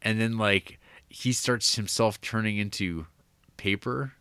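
A man with a lowish voice rambles through a casual podcast chat, swearing freely and padding every thought with fillers. The sound is dry and close, with no room around it. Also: a little slow, fairly bright tone, clear, resonant tone, no room sound. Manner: rambling, profane, heavy use of "like" fillers. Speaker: podcast co-host reviewing horror films.

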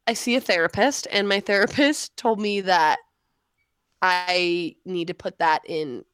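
A woman's voice: on the low side, a little slow, fairly bright tone, clear, resonant tone, no room sound. A married woman chats on a podcast, rambling through stories and laughing easily. The sound is dry, with little room. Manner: rambling storyteller, laughs often. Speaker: podcast co-host. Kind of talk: casual chat.

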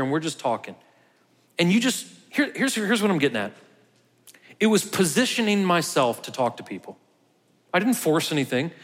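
A fairly bright, medium-pitched male voice belongs to a pastor sharing a personal story in a conversational sermon. He quotes dialogue and laughs as he speaks, and the church sanctuary adds a long hall reverb.

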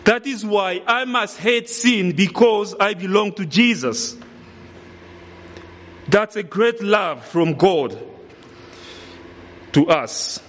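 A man preaching a solemn sermon in a church hall, speaking in a deliberate way. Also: high voice, expressive, fairly bright tone. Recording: long reverb of a large hall.

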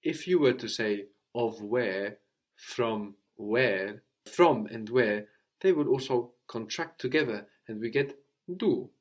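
A man teaching a French lesson, with a voice of ordinary pitch. He explains patiently and repeats short phrases so his student can copy them. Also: expressive, slow pace. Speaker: language teacher.

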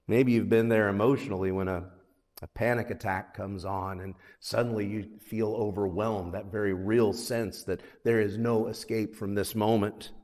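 A man's voice: fairly even intonation, normal speed, a little mellow. A man preaching a sermon as pastor, earnest, lifting his voice when he reads scripture. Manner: earnest, rises in pitch and force on scripture readings. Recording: long hall reverb.

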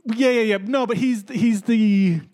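A man co-hosting a podcast, chatting casually about sports in an eager, agreeable way with quick back-and-forth. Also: high-pitched, darkish tone. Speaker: podcast co-host.

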